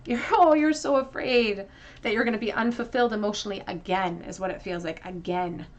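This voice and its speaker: A woman giving a tarot card reading to her viewers, earnest and emotional, often pausing with fillers and restarts. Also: medium pitch. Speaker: tarot reader.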